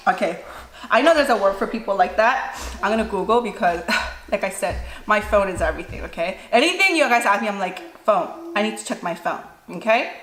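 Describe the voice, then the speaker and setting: A woman's voice: medium pitch, a little fast. A woman, a mother, chatting casually and playfully during a mukbang vlog in her home kitchen. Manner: animated, playful and self-mocking. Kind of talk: casual chat while eating. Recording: echoey room with faint dish clatter.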